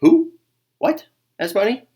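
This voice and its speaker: A man voicing a small, eager, forgetful bunny in a storybook, with high, puzzled questions. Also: very animated, slow, warm tone, exaggerated voice.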